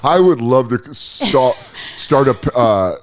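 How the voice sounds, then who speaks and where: Middle-aged male podcast host from Denver, lively, swings between voices in his stories. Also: mid-range voice, slow pace. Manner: animated storyteller, acts out quoted voices. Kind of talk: casual comedy podcast chat.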